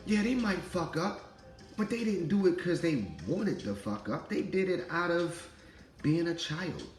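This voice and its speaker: Animated fatherly man preaching, echoey room. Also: fairly high pitch, measured pace, soft background music. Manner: animated, preachy, laughs while talking, acts out voices. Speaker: spiritual vlogger, father. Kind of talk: casual spiritual monologue.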